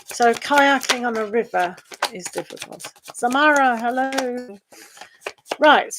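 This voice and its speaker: A woman's voice: fairly high pitch, takes it slowly, noisy background. Chatty woman reading tarot. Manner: chatty and rambling, with frequent laughs. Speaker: tarot reader. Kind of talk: casual live-stream chat.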